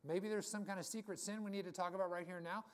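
A man's voice: sits high, fairly even intonation, fast talker, clean tone. Man preaching a conversational sermon. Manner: storytelling, personal anecdotes. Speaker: pastor.

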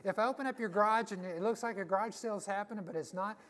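A woman's voice: medium pitch, very fast. A middle-aged woman pastor giving a casual, story-filled sermon, repeating phrases and laughing easily as she talks.

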